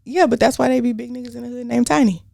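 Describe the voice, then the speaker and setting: A woman with a mid-range voice, recorded close with a dry sound. She fires back blunt, funny remarks in a relaxed couch conversation and laughs often. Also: a little high, fast, gravelly, dry recording. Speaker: podcast co-host. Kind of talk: casual chat.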